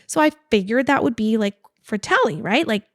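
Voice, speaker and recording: A woman in her forties, co-hosting a podcast and telling a story in a casual, animated way full of "like.". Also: fairly high pitch, fairly quick, no room sound, studio quality. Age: 40s. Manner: animated storytelling, many "like" fillers. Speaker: podcast co-host. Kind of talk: casual chat.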